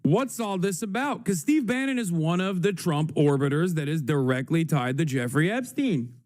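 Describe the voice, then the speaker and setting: A man's voice: a little high, lively intonation, normal speed, a little mellow. A young man hosting a livestream, reacting frantically and swearing as he thinks aloud. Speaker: livestream host. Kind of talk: casual livestream commentary.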